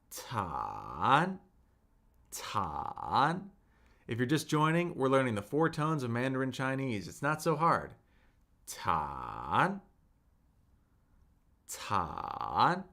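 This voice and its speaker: A man leads a live-streamed language lesson at an unhurried pace. His pitch swings widely as he demonstrates each tone, and he restates every point patiently so viewers can follow. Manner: patient, repeats each point slowly, models tones aloud. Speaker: Mandarin teacher.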